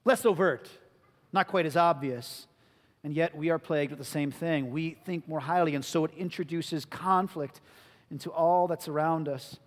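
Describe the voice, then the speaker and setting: High-voiced man preaching in a reverberant hall. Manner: earnest preaching, building to emphatic peaks. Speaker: pastor. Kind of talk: sermon. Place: church sanctuary. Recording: long reverb of a large hall.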